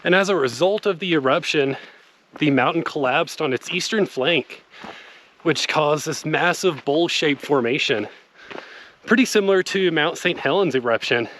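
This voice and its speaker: A hiking vlogger narrates his solo trek along a mountain trail, his fairly high, fairly bright voice at a moderate pace, occasionally out of breath. He's upbeat and chatty, says "y'all," and there's light music and slight background noise behind him.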